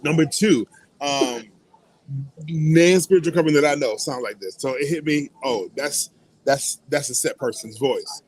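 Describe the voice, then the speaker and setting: A man hosting a casual morning radio show, telling stories in an animated way with frequent laughs. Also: on the high side, normal speed, a little hiss or hum, low-quality recording. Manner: animated storytelling, laughs and whoops often.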